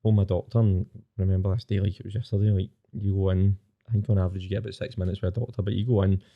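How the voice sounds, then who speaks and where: A Scottish man in his twenties telling his own story candidly as a podcast guest, plain-spoken and rapid. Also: low voice, little pitch movement, vocal fry, muffled recording.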